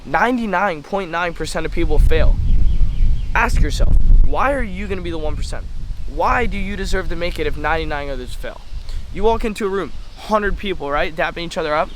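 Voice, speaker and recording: A man's voice: a little high, expressive, fairly quick, fairly bright tone, poor audio. A teenage boy outdoors at a playground, giving a blunt, profane motivational rant straight at the viewer. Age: teens. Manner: blunt, profane, fired-up, lectures the viewer directly. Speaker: trading mentor vlogger. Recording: phone recording outdoors with faint background noise.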